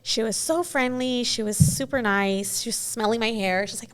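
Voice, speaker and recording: A woman's voice: fairly high pitch, normal speed. A woman in her forties, a guest in a casual interview, telling stories in a chatty way with many "you know"s.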